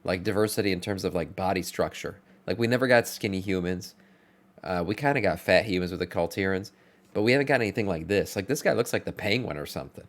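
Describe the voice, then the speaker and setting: A man with a fairly low voice chats his way through a reaction video. His talk is loose and blunt, with casual swearing. He thinks out loud as he watches. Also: quick pace.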